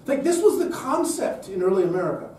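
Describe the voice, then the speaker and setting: Speaking at a public event, a man gives a very animated, brisk, emphatic lecture-style talk, hammering his points with rhetorical questions. His voice is high for a man yet mellow and dark in tone. He's recorded from a distance in a very echoey room with a little hiss or hum.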